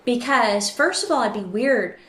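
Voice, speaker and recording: A woman hosting a true crime podcast, retelling a case with lively acted-out quotes. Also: fairly high pitch, unhurried, roomy sound. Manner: animated, acts out quotes. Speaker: podcast host.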